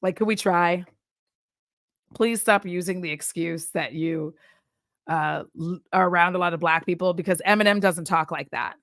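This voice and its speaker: A woman's voice: lowish voice, moderate pace, a bit bright, no echo. Woman host, casual commentary, laughs a lot, goes off on tangents, dry close recording. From Texas. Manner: chatty, laughs often, tangents and asides. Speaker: commentary YouTuber.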